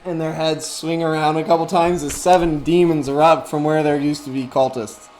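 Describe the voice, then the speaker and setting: A man's voice: a little high, flat delivery, moderate pace, darkish tone. Rambling man running a tabletop game. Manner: rambling, full of fillers. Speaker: game master.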